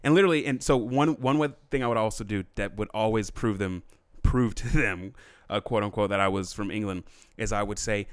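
Animated man telling stories, dry close mic. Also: on the low side, fairly quick, hardly any pauses, smooth, dry recording. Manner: animated storyteller, swearing, frequent fillers. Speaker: podcast co-host. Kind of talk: casual storytelling chat.

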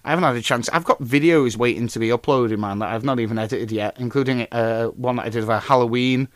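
Podcast guy rambling away, swears a lot, gets loud n worked up telling stories, dry sound. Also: mid-range voice, fast, no room sound. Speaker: podcast host. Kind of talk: casual comic-book news chat and anecdote.

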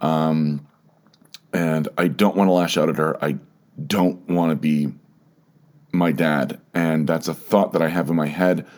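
A man hosting a personal solo podcast, talking in a halting way with many restarts and repeated words, emotional and close to tears. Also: rumbling low, fairly even intonation, a little mellow. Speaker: podcast host.

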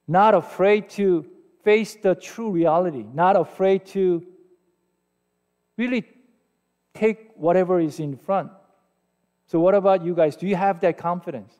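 A man's voice: high-pitched, a little slow, pauses often, a little mellow. A man in his forties, a pastor with a Korean accent, preaching a sermon in a conversational, self-deprecating way and asking his listeners questions. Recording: long hall reverb.

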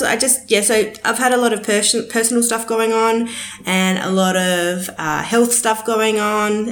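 A woman talks through her recent weeks on her own podcast in a loose, rambling way. She swears freely and leans on fillers as she goes. The room around her gives her voice a clear echo. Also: mid-range voice, fairly bright tone. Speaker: podcast host. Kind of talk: casual solo podcast chat.

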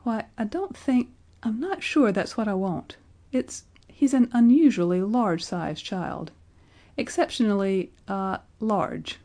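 A woman voicing a nervous, frantic gentleman and new father, hurried and flustered in his speech. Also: medium pitch, animated, pitched above the performer's own voice, lightly acted.

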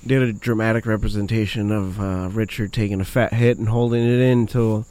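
A man's voice: fairly low pitch, fairly even intonation, fairly quick, dark tone, smooth. Joking, profane man chatting on a podcast. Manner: joking, profane, explains things to listeners. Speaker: podcast co-host. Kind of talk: casual chat.

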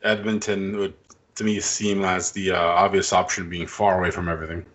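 A man's voice: deep voice, level tone, a bit bright. A man co-hosting a podcast in casual sports chat, blunt and opinionated. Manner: blunt, opinionated, quick dismissive jabs. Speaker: podcast co-host.

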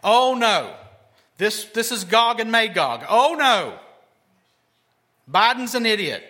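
A man's voice: high voice, very animated, slow, bright, forceful tone, heavily acted. A male pastor mocking a panicking man who frets about war and doom in frantic, wailing cries. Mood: panicky.

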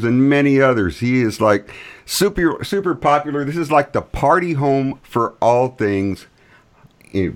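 A man hosting a talk show who asks the guest long, rambling, enthusiastic questions. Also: mid-range voice. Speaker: host.

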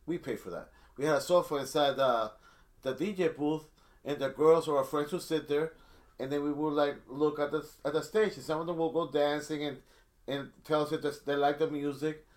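Man, middle-aged, casual storytelling, fairly high-pitched, rambling, restarts. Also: steady tone, fairly quick. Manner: rambling, many restarts, acts out quotes. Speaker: storyteller guest.

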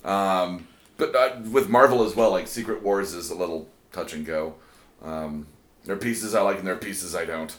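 A man with a fairly low voice leads a loose group conversation, rambling with plenty of fillers and restarts. The room around him is echoey. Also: moderate pace. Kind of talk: casual group chat about comics and TV.

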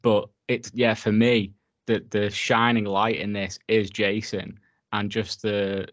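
A man co-hosting a casual film review podcast, talking in a relaxed way and laughing often. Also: lowish voice, slow, no room sound, highs cut off. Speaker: podcast co-host.

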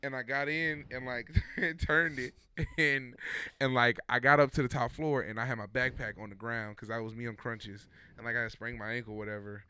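A young man spinning a story for friends in easy chat, his voice smooth and clear. He gets animated and slips into the voices of the people in the tale. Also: medium pitch, normal speed. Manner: animated, laughing, acting out quotes.

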